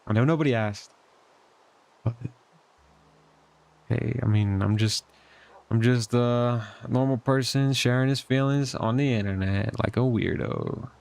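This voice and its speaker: A man's voice: on the low side, vocal fry, darkish tone. A young man sharing a casual personal update from his bedroom at home, in an earnest, reflective way that rambles with many fillers. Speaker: vlogger.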